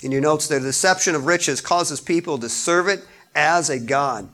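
A male pastor preaching a sermon, chatting with his congregation and rising loud when he reads scripture. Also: on the high side, normal speed. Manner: conversational preaching, rises loud on scripture readings.

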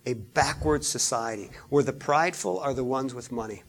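A man's voice: medium pitch, moderate pace. A man preaching a sermon, reading scripture and explaining it with repetition and rising emphasis. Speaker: pastor.

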